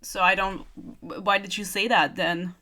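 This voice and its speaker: A woman's voice: mid-range voice, steady tone, normal speed, bright, forceful tone. A young woman ranting sarcastically through a book review, giggling and swearing as she goes.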